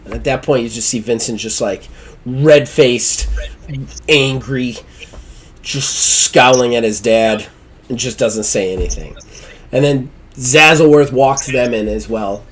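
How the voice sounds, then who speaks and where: A man narrating as game master in a casual, halting way with many fillers. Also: mid-range voice, breathy edge.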